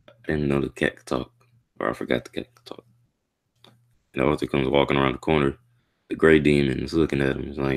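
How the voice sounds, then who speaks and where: A man reading a manga chapter aloud and reacting to it in a casual, slangy way, with excitable outbursts. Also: very deep voice, a little fast, gravelly, pauses often.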